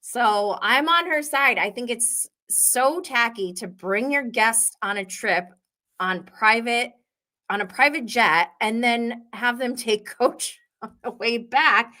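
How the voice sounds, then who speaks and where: Slow-talking, giggly woman host. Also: on the high side, bright, forceful tone. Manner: chatty and giggly, reading viewer comments aloud. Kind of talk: live show recapping reality TV.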